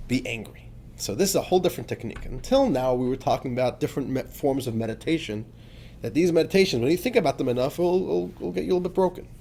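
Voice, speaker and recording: A man, a rabbi, teaching a religious text in an emphatic lesson, moving between quiet asides and fervent, urgent outbursts. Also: a little high, a little hiss or hum.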